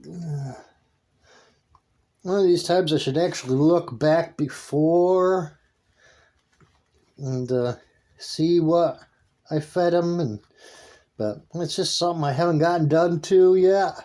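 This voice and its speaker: A man talks his way through a home worm-bin check in an unhurried, easygoing drawl. His voice is mellow and dark, and his sentences stumble and restart. He is easily delighted and lets out small laughs along the way. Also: on the high side. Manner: rambling and halting, with frequent restarts. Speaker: worm-composting vlogger. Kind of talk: casual vlog narration.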